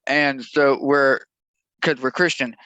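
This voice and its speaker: A man's voice: mid-range voice, steady tone, takes it slowly, bright, forceful tone, no echo, highs cut off. A young man telling a rambling, profane, jokey story in a casual podcast chat.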